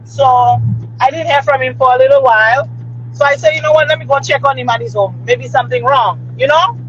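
A middle-aged woman tells a story in a casual chat, frequently checking in with her listener. Her voice is high and a bit bright, and she talks a little fast. The recording is slightly muffled, with a faint hiss or hum.

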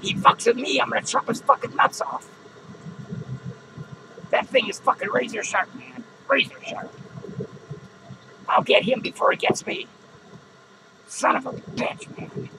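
A man's voice: very high-pitched, unhurried, gravelly, pauses often, noisy background, heavily acted. A man playing a foul-mouthed, jittery male clown who hosts a podcast and rants crudely and nervously at his viewers. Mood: ranting. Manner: swearing, rambling, nervous outbursts. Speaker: podcast host. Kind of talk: profane comedic rant to viewers. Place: podcast studio.

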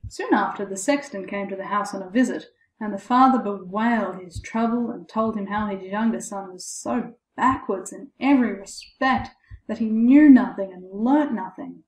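A woman narrating a fairy tale in a measured, expressive storybook reading. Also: mid-range voice. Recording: echoey room.

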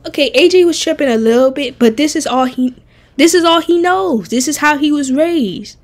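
A woman's voice: high-pitched, lively intonation, moderate pace. Blunt, profane young woman streamer. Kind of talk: casual game tier-list chat.

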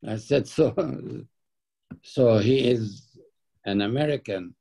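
Older storyteller type, a man with a husky, mellow voice who acts out dialogue in his anecdotes. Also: medium pitch, takes it slowly. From Palestine. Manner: anecdotal, laughs while telling, acts out quoted dialogue. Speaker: interviewee. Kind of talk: storytelling in an interview.

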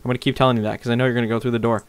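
A man hosting a casual game let's-play, excitable and goofy, jumping into squeaky joke voices. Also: racing, clean tone. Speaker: gaming channel host.

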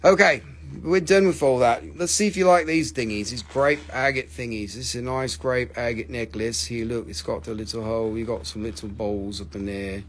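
A man's voice: medium pitch, steady tone, normal speed, hardly any pauses. A man hosting a live rock sale, rambling and joking, often forgetting names and swearing casually. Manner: forgetful, filler-heavy. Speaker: host selling rocks on a live stream. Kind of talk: casual live sales chat.

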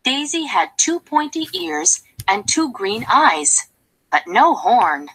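A woman reading a children's storybook aloud, slowly and expressively. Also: sits high, very animated, fairly bright tone, breathy edge, poor audio.

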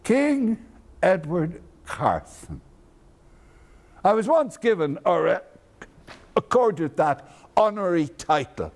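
A man's voice: high-pitched, very animated, slow pace, long pauses, a little mellow, exaggerated voice. An actor with an Irish accent playing an aging, proud statesman in a theatrical one-man stage monologue, wry and grand, savoring each phrase.

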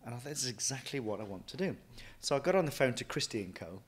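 A man, a chef and restaurant owner, telling stories from his career in a lively way, often acting out what he thought and said. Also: mid-range voice, quick pace. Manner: lively anecdotal, quotes himself often. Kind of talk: casual interview storytelling.

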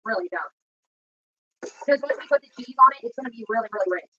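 Woman, vlogger, quick, bright, profane rant while cooking, lo-fi, dry room. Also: on the high side, no echo. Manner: profane, confrontational, rambling. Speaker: YouTuber. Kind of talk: ranting while cooking on a livestream. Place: home kitchen. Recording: dull lo-fi sound, dry.

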